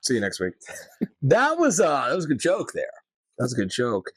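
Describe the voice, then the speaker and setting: A man's voice: a little fast, husky, no echo. Young guy from northeast pa hosting a podcast, jokey, voice bounces up and down, dry room. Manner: loose, joking, swings up in pitch when excited. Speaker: podcast host. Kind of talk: casual chat.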